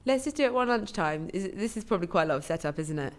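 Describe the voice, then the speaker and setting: A woman in her thirties with a cold, a slight lisp and a sing-song voice, chatting excitedly and full of fillers as she co-hosts an improvised podcast. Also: mid-range voice, very fast. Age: 30s. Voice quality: slightly lisping. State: has a cold. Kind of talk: casual chat.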